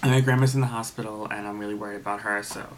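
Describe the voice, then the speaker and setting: Tired man talking low, gossipy. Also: steady tone, very fast, slight background noise. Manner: rambling, gossipy, many fillers. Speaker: TV episode reviewer. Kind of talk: casual recap vlog.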